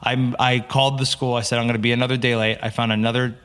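A young American man, a guest on a podcast, tells stories in a casual interview with a clean, mid-range voice at a fast pace. He's an animated storyteller who acts out the people he quotes.

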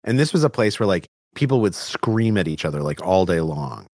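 A man from New Mexico explains how conversation works, his pitch rising and falling in lively swings. He speaks in a dry, close studio sound with no room around him. He often checks in with a quick "right?" and scatters "like" through his sentences. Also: no room sound. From Albuquerque, New Mexico, US. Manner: explanatory, animated, frequent "right?" and "like". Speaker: guest expert on communication. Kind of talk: conversational interview.

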